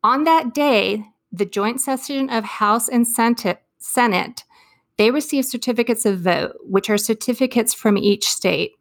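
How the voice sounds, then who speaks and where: A woman's voice: on the high side, no echo. A woman co-hosting a podcast, talking in a casual commentary style that wanders off on tangents. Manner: talks fast with tangents and laughs. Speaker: podcast co-host.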